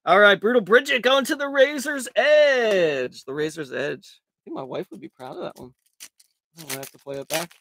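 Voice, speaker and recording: A raspy-voiced man hosting a live card break, calling out cards in a crude, joking way and laughing often. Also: sits high, expressive, moderate pace, a bit bright. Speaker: host of a live trading card box break. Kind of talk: casual live-stream commentary.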